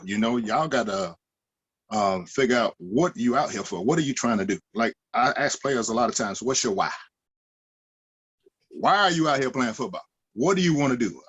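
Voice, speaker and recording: A former linebacker, talking emphatically in a roundtable chat and jumping higher in pitch when he acts out other people. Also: fairly bright tone, slightly rough.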